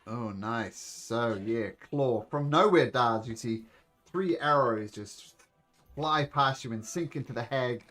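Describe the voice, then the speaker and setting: A man runs a tabletop game, setting scenes and asking players for rolls in a relaxed, polite tone. His voice sits in a middle pitch. Faint music plays quietly behind him. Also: slow pace. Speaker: game master.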